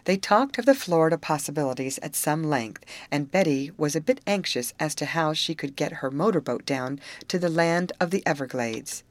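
A woman narrating a novel as an audiobook in a clear, measured reading. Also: low-pitched, expressive, dry recording. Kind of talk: scripted narration.

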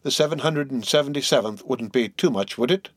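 A man voicing a stingy, pious old ship owner who speaks slowly and steadily in a solemn tone. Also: mid-range voice, no room sound, close to an everyday voice. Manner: slow, steady, sepulchral. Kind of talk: audiobook character voice.

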